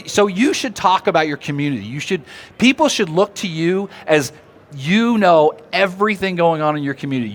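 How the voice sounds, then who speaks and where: Animated man presenting at a seminar. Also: fairly high pitch. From Oklahoma. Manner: animated, audience-engaging, asks questions. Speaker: seminar speaker. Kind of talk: live seminar talk. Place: seminar room.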